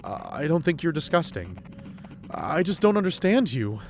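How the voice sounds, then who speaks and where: A man's voice: on the high side, very animated, normal speed, soft background music. A man streaming a game, reading his character's lines aloud and joking between them.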